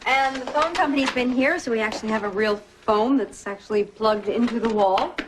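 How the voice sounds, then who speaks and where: An actress playing an anxious, loving wife and best friend in a soap opera, talking with emotion. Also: female voice, a little high, fairly quick, noisy background, lightly acted. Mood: light. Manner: emotional and pleading, soft when tender.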